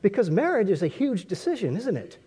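Mellow-voiced man preaching a sermon. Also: high-pitched, very animated, fairly quick, slightly rough. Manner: conversational, asks rhetorical questions.

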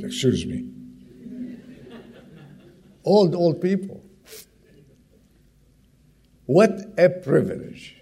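Slow, gravelly male preacher. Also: medium pitch, warm tone. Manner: emphatic, repeats key words for stress; asks the congregation direct questions. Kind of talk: sermon.

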